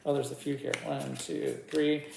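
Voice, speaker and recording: Low voiced lady doing a tarot reading, giggly and chatty, echoey room. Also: flat delivery, moderate pace, creaky. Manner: chatty, giggly, talks to her cards. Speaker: tarot reader. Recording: echoey room with faint noise.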